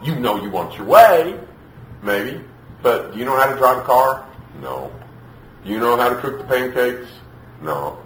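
A man preaching a sermon, emphatic, acting out parents and children in quick put-on voices. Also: medium pitch, roomy sound, slight background noise, rough recording.

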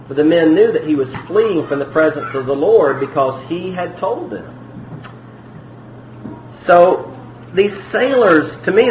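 A man preaching a verse-by-verse sermon in a conversational way, often asking the congregation questions. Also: on the high side. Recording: echoey room with faint noise.

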